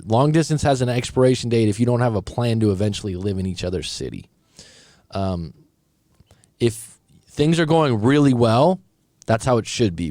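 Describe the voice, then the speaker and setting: This breakup coach has a lowish, dark-toned voice, recorded at studio quality with no room sound. He reads out a viewer's story and reacts in a casual, direct way, thinking out loud and occasionally tripping over words.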